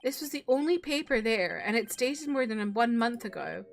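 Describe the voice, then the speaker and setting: A woman's voice: fairly high pitch, animated, normal speed, creaky. A woman voicing a young male defense attorney, pressing a witness with pointed questions.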